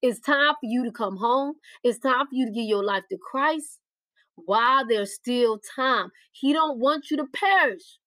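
A woman delivers a podcast sermon in a high, bright register. She presses urgent warnings and repeats them, speaking straight to her listeners. The sound is dry and close, with no room echo. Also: a little slow. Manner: urgent, repetitive exhortation, speaks directly to listeners. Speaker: preacher on a podcast.

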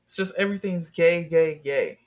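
A young adult in a casual chat, telling a story with lively energy and plenty of swearing. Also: medium pitch, normal speed. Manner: animated storyteller, swears freely.

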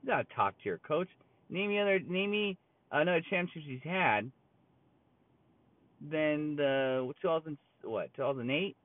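A man's voice: fairly high pitch, expressive, normal speed, dry recording. A man ranting casually about basketball in a blunt, rambling way, full of fillers and restarts. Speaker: sports commentator. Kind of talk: casual sports opinion rant. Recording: tinny phone-like sound, dry.

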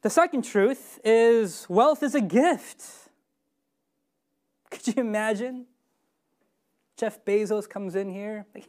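A woman's voice: fairly high pitch, expressive, takes it slowly, pauses often, a little mellow. A woman preaching a sermon, emphatic and often putting questions to her listeners. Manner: emphatic, asks the congregation questions.

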